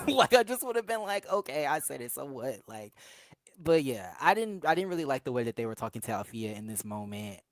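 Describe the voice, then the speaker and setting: A woman's voice: a bass voice, big pitch swings, brisk, no room sound. A woman co-hosting a casual show review, talking through scenes with laughs and acted-out quotes. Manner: chatty, laughing, acts out quotes in asides. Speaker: podcast co-host reviewing a reality show. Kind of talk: casual recap chat.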